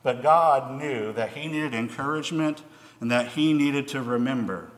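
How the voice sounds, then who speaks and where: A man's voice: medium pitch, normal speed. A man preaching a sermon, reading scripture aloud and then explaining it in plain, earnest words. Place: church hall. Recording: echoey hall, long reverb.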